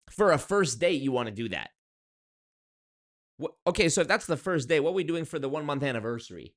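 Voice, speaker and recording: A young man from Canada telling dating stories to camera in a casual, sarcastic monologue, jumping up into loud exclaims. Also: moderate pace, pauses often. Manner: animated, sarcastic, jumps to high exclaims. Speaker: vlogger.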